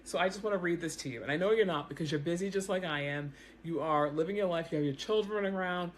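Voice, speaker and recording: A woman in a self-recorded video, commenting on the news in a casual, animated way, often repeating herself as she talks straight to her viewers. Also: lowish voice, fast, a little hiss or hum. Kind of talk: casual explanatory commentary to camera. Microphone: self-recorded camera setup.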